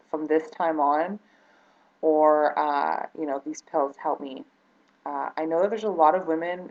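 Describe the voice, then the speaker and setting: Low-voiced woman vlogging, full of ums. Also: a little mellow, highs cut off. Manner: hesitant, many fillers and restarts; earnest, close to tears. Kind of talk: personal vlog, talking to camera.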